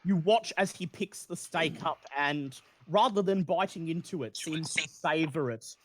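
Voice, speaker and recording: A man's voice: a little high, unhurried, slight background noise. A man narrating as game master in a tabletop game, describing scenes with occasional stumbles.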